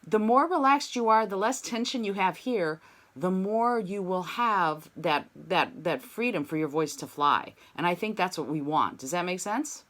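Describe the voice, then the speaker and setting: A woman's voice: lowish voice, animated, normal speed, a bit bright. A woman voice teacher giving a one-on-one singing lesson, talking in an encouraging, reflective way with frequent "you know"s.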